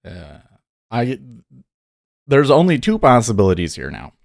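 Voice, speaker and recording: A man's voice: mid-range voice, wildly swooping pitch, unhurried, gravelly, a little mellow. A man hosting a day trading livestream, talking casually and exasperatedly, swearing as he rants at the charts. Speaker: day trader streamer.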